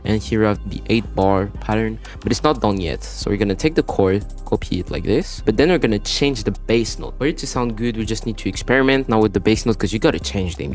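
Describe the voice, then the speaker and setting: A man with a French accent narrates a beat-making tutorial in a relaxed, rambling way, leaning on "you wanna" and "you know". His voice sits on the low side. Soft music plays faintly behind him. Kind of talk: screen-recorded music production tutorial. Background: beat playback between explanations.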